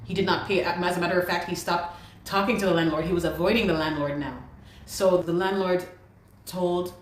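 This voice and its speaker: A woman's voice: fairly low pitch, steady tone, a little fast, a little hiss or hum. A woman from Ghana giving an emotional personal account as an interview guest, exasperated and repeating herself as she vents. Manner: exasperated, repeats words while venting. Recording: roomy echo.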